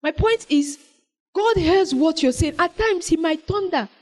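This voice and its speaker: A woman preaching a sermon, with an animated delivery that swings between loud exclamations and soft, prayerful lines. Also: extremely high pitch, a little slow, poor audio.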